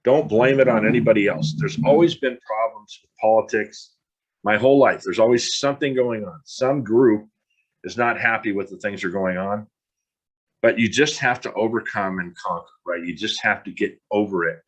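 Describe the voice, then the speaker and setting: A man's voice: fairly low pitch, normal speed, slightly rough, muffled recording. A middle-aged man hosting a podcast, talking bluntly in a frustrated monologue and swearing casually. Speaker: podcast host.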